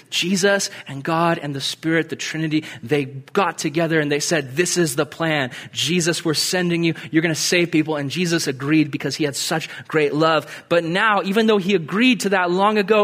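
A man with a high voice preaches a sermon. His delivery is animated and conversational, with casual asides to the listeners. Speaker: pastor.

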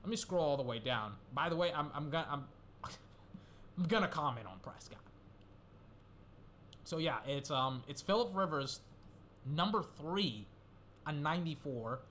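Excitable young man, lively and bright. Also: fairly high pitch, moderate pace, pauses often, slight background noise. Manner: rambling, swearing, getting worked up. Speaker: gaming commentator. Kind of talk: casual solo commentary.

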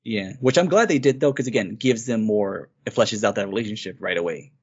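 A man's voice: on the low side, fairly quick, breathy edge. A man co-hosting a podcast, casually and eagerly retelling a game's story in a rambling way. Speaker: podcast co-host. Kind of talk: casual game review chat. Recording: dull lo-fi recording.

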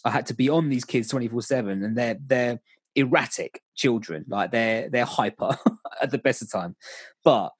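A young volunteer youth coach casually tells stories about coaching kids, candid and rambling, often restarting his sentences. His husky voice is medium in pitch and moderately paced, with no echo.

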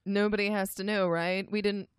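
A woman co-hosting a podcast in relaxed, chatty conversation, laughing easily. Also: mid-range voice, moderate pace, clear, resonant tone, dry recording, studio quality. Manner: chatty, giggly. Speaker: podcast co-host. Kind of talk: casual chat.

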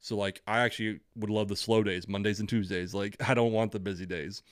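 Fast-talking profane young man ranting. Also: lowish voice, steady tone, clean tone, dry recording, clean studio sound. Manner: profane, ranting, acts out both sides of dialogue. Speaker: podcast co-host. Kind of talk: casual storytelling chat.

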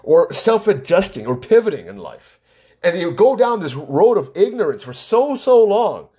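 A man talking casually to the camera, animated as he acts out both sides of an argument. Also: high voice, moderate pace, breathy edge. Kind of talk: casual monologue.

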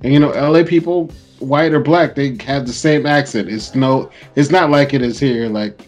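A man's voice: mid-range voice, normal speed, faint music behind. A man co-hosting a podcast, telling stories animatedly and swearing freely in casual chat. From Florida. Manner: animated storyteller acting out voices, swears freely. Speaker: podcast co-host.

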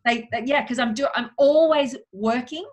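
A young woman with a fairly high voice, a guest in an interview, earnestly shares a personal story. She slows down for emphasis and often says "you know."

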